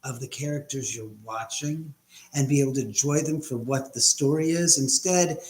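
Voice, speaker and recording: A man's voice: medium pitch, normal speed. A man hosting a casual live stream from home, rambling and blunt with casual swearing. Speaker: livestream host. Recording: echoey room.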